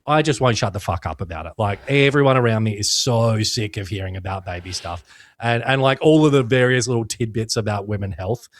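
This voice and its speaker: A man's voice: lowish voice, brisk, no echo. A young man co-hosting a podcast, chatting casually with lots of laughter and swearing. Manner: laughs a lot, swears freely, jokey storytelling. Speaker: podcast co-host. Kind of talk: casual chat.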